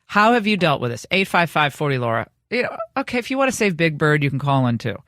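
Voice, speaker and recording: A woman's voice: low-pitched, big pitch swings, fast talker, fairly bright tone, dry recording. Chatty woman radio host, dry studio. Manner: chatty storytelling with restarts. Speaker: radio talk show host. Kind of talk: casual radio talk. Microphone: studio microphone.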